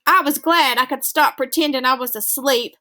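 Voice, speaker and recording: High, bright woman reading a story. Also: normal speed. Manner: steady storytelling, first-person child narrator. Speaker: reader. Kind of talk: reading a novel aloud.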